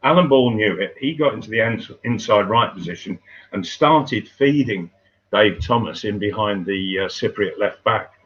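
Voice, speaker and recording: An older man, a former footballer, telling stories in casual chat, unhurried and halting, with many fillers and restarts. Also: lowish voice, expressive, fairly bright tone. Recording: dull lo-fi sound.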